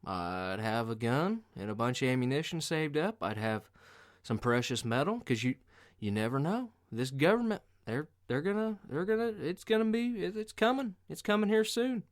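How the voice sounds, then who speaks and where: Guy putting on an old vietnam vet, preachy and urgent, voice pushed up high. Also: lively intonation, moderate pace, lightly acted. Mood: urgent warning. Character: older male Vietnam veteran warning of collapse.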